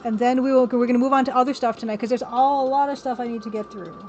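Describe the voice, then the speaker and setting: A woman's voice: fairly high pitch, fairly even intonation, quick pace, a little mellow, highs cut off, a little hiss or hum. A woman hosting a casual live stream, chatting and rambling to her viewers and laughing often. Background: faint music from a record player.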